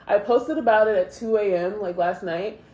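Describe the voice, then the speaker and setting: A woman's voice: medium pitch, moderate pace, roomy sound. Chatty young woman telling a story. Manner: chatty, animated retelling with quoted asides. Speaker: vlogger. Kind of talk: casual storytelling to camera.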